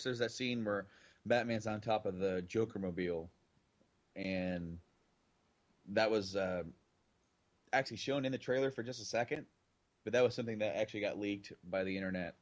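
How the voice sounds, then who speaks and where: A man's voice: fairly low pitch, moderate pace, highs cut off. A man co-hosting a podcast in casual chat, rambling and circling back on his points. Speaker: podcast co-host.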